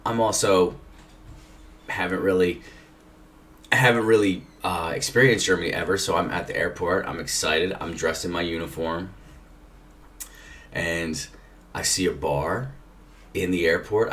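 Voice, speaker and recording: Deep-voiced man telling a rambling story. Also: fairly even intonation, normal speed, long pauses, a bit bright. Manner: profane, rambling, laid-back. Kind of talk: casual anecdote telling. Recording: distant mic with faint noise.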